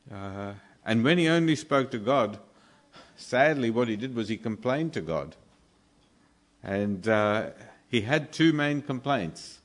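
A man preaching a sermon in an earnest, storytelling manner, with some "uh" fillers between phrases. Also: mid-range voice. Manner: earnest storytelling preacher who briefly acts out the quoted speakers.

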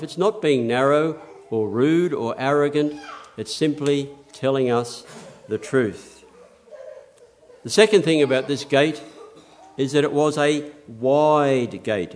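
An older man delivers a sermon in an earnest, measured voice. His pitch sits in an ordinary middle range, and he pushes up sharply on the words he wants to land. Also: darkish tone. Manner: earnest, measured preaching with emphatic rises. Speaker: preacher.

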